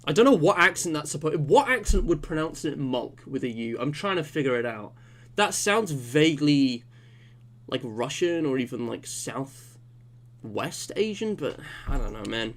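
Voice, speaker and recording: A man's voice: medium pitch, lively intonation, normal speed, gravelly. A young man playing a story game, reading its text aloud and breaking off into casual, slangy commentary. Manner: chatty and informal, muses aloud, slangy asides. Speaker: let's play gamer. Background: game music playing.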